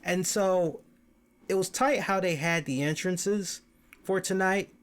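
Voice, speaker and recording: A man talking through a wrestling review in a loose, casual way. His voice sits fairly high for a man. He gets animated, swears freely and stumbles over repeated words as he starts a thought. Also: slow pace. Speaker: wrestling show host.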